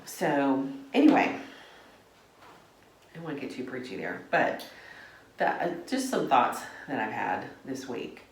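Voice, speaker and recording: A middle-aged woman with a low voice hosts a relaxed faith vlog. She talks gently and wanders from thought to thought, with lots of fillers. She is recorded from a distance in a roomy space, with faint ambience behind her. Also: a little slow, pauses often, slight background noise. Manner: gentle, meandering talk with many fillers. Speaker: vlog host. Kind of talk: casual faith vlog while gardening.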